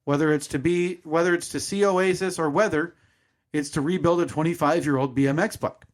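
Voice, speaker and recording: A man co-hosting a casual podcast, teasing his partner with deadpan jokes. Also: fairly high pitch, brisk. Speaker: podcast co-host. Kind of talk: casual chat.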